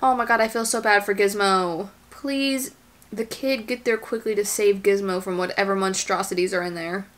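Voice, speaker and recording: A woman's voice: mid-range voice, steady tone, moderate pace, a bit bright. A woman giving casual commentary as she reacts to a movie, exclaiming and gasping at the screen, anxious and near tears for the characters.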